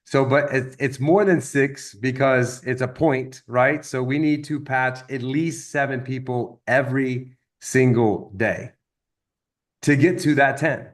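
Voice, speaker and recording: A man giving an energetic motivational sales training talk, acting out stories with quoted voices. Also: mid-range voice, measured pace.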